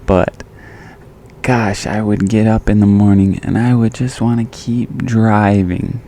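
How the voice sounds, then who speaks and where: A man's voice: lowish voice, flat delivery, takes it slowly, warm tone, a little hiss or hum. A young man from the Midwest hosting a casual solo podcast, joking and laughing at himself and going off on tangents. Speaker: podcast host.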